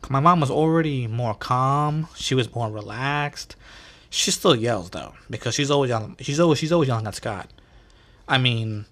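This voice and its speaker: A man in his thirties talks through his own podcast in a relaxed, rambling way. He drops curse words and calls the listener "bro" and "dude" as he tells stories about his family. His voice sits at an ordinary middle pitch. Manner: loose and profane, peppered with "bro" and "dude". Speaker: podcast host. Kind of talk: casual storytelling monologue.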